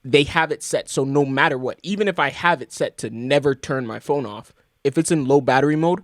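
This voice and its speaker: A man's voice: medium pitch, fairly quick, no room sound, studio quality. A young man, co-hosting a casual podcast chat in a loose, slangy way. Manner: laid-back, loose slangy talk. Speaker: podcast co-host.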